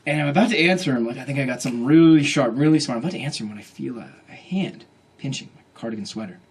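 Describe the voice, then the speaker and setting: A man telling a comic story to a live bookstore audience, animated and acting out other people's voices. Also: mid-range voice, very fast, a little hiss or hum. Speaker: author at a bookstore reading. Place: bookstore event room.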